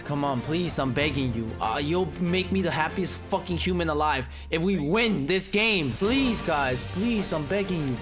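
A young man commentating his own live gameplay, cursing freely and swinging from low muttering to loud yelling. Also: expressive, moderate pace, hardly any pauses, over music. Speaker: gaming streamer.

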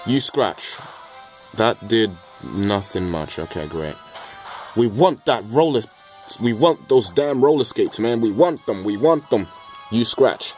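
Joking low-voiced let's play gamer. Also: male voice, normal speed, darkish tone, soft background music. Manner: joking, rambling, mild swearing, stammered restarts. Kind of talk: casual gameplay commentary.

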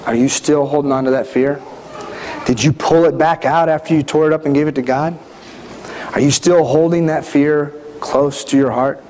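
A middle-aged male pastor gives a church sermon in a conversational tone, regularly questioning his congregation. His voice is fairly high and darkish, with fairly even intonation at normal speed. The recording has hall reverb and faint background noise.

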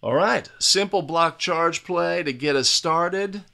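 A man's voice: fairly high pitch, slow, gravelly, bright, forceful tone. A man breaking down recorded plays as an instructor, explaining step by step and often checking in with "right?". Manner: explanatory, repeatedly tags statements with "right?"; restarts and fillers while talking over video. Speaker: basketball officiating instructor. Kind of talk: video play review commentary.

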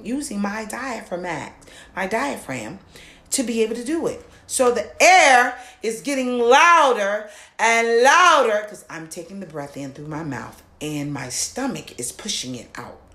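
A woman voice coach teaching an online lesson, who often repeats herself and checks in with "okay?", now and then singing or shouting demonstrations. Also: on the high side, animated, unhurried, reverberant. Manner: repeats words, checks in with "okay?" and "all right?"; sings demo lines and shouts "ha!" exercises.

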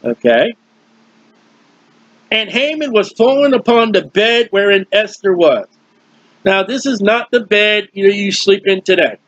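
A man's voice: high voice, animated, measured pace, pauses often, fairly bright tone, dry recording, lo-fi sound. A man teaching through a Bible passage in a conversational way, explaining with everyday comparisons and often restarting his sentences. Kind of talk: informal verse-by-verse Bible teaching.

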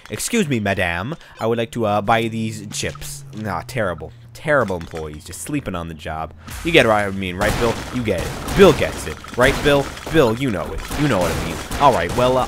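Brief: male gaming host, slightly low voice, rambling comic play-by-play, loud game music under him. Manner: rambling, silly, narrates in third person and mock characters. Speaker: gaming YouTuber. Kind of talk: comedic let's-play commentary.

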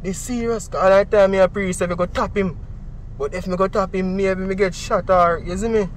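Interviewee: young Jamaican man, high and lively, heavy patois, outdoors with faint traffic behind. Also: a little fast. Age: young adult. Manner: animated, heavy Jamaican Patois, acts out quoted speech. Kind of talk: recounting events in interview.

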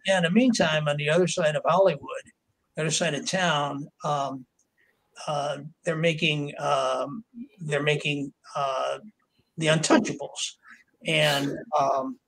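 An older man with a somewhat high, husky voice spins long behind-the-scenes stories as a podcast guest. He rambles through fillers and restarts, and he slips into quick voices for the people he quotes. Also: fairly even intonation, fairly bright tone, low-quality recording. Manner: rambling, with many fillers and acted quotes of others. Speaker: author and interview guest. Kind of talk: anecdotal storytelling in a podcast interview.

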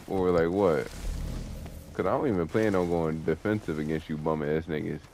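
A young man commentating his online gameplay, taunting and cursing at opponents in an excitable, profane way. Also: low voice, moderate pace, a little hiss or hum. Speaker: gamer streaming online play. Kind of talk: trash-talking gameplay commentary.

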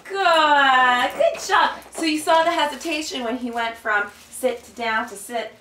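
A woman dog trainer demonstrates a training exercise indoors with her dog, explaining it calmly between sharp, upbeat commands and high praise. She speaks at normal speed from off-mic in an echoey room, with slight background noise.

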